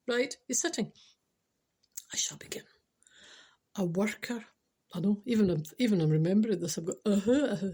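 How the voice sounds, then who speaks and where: A woman's voice: medium pitch, big pitch swings, moderate pace, pauses often, husky. A Scottish woman hosting a chatty podcast, teasing and speaking straight to her listeners, sometimes dropping to a whisper. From Scotland. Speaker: podcast host.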